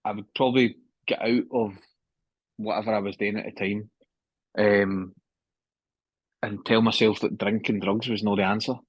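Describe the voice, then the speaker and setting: Husky-voiced man in his thirties, candid. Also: on the low side, level tone, normal speed, long pauses, dry recording, highs cut off. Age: 30s. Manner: candid, swears often, keeps saying mate. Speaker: podcast guest. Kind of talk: casual conversation.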